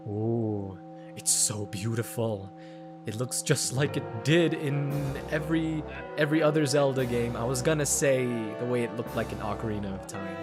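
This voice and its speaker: A man's voice: mid-range voice, music in the background. Chatty man commenting on a game. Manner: chatty, joking, with quick asides. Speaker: gaming YouTuber. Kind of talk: let's play commentary.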